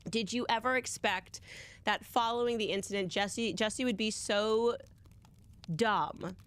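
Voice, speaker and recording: A woman's voice: medium pitch, a little slow, fairly bright tone. A woman hosting a casual interview, sarcastic and teasing, often laughing. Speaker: podcast host.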